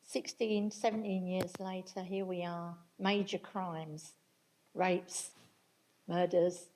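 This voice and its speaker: A woman's voice: on the low side, flat delivery, slow pace, darkish tone, a little hiss or hum, rough recording. An older woman speaking earnestly at a public talk, stressing key words and backing up her partner. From Britain. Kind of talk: conversational talk to an audience.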